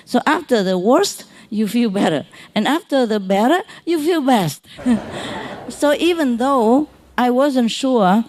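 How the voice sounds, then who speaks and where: A woman giving an informal spiritual talk to her followers, gentle and consoling, chuckling often, in non-native English. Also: fairly high pitch. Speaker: spiritual teacher.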